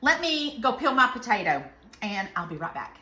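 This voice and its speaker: A woman's voice: on the high side, big pitch swings, moderate pace, bright, forceful tone, echoey room. A woman with a Southern American accent, chatting casually to viewers while she cooks in her home kitchen, rambling into folksy asides. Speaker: home cooking host. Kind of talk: casual cooking vlog.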